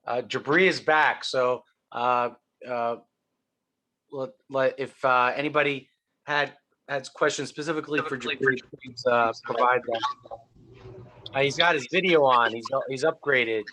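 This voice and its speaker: A man's voice: mid-range voice, fairly even intonation, a little slow, sharp tone. A man moderating a video meeting, hesitant, with many fillers.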